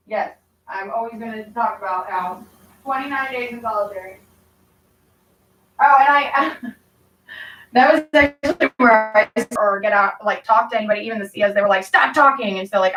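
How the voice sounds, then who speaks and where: A woman's voice: medium pitch, fairly bright tone, distant mic. A woman telling rambling, profane stories in casual chat with her stream audience. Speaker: livestreamer talking to chat.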